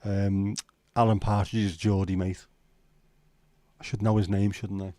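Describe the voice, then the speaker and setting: A man's voice: fairly low pitch, flat delivery, measured pace, dark tone, no echo. A man with a Liverpool accent hosting a casual livestream chat, rambling and sweary as he banters with viewers. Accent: Scouse. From Liverpool, England. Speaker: livestream host.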